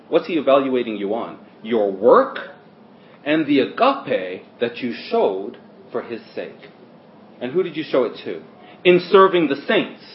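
A male preacher delivers a sermon with a lively, rising and falling pitch, punching key words and then dropping to near-murmurs. He sits at a middle pitch for a man. The recording is roomy and echoey, a little dull and lo-fi, with a faint hiss underneath. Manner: emphatic, swings between loud stresses and quiet asides.

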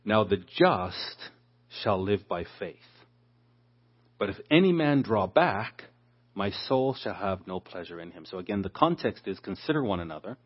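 Husky low-voiced man teaching scripture. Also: expressive, unhurried. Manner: expository, acts out quoted speakers. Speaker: preacher. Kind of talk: Bible teaching. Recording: dull lo-fi sound.

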